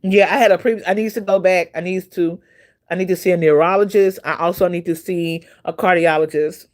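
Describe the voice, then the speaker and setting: A woman's voice: on the low side, steady tone, a little fast. A woman hosting a casual livestream, telling a long personal story in a rambling, repetitive way with many fillers and breaking off to greet viewers by name. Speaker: livestream host.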